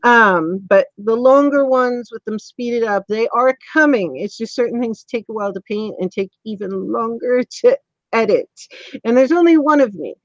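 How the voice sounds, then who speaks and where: Woman host, somewhat high voice, meandering, lots of ums; muffled, dry lo-fi audio. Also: moderate pace, no echo. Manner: rambling, many ums and restarts. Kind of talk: casual interview chat.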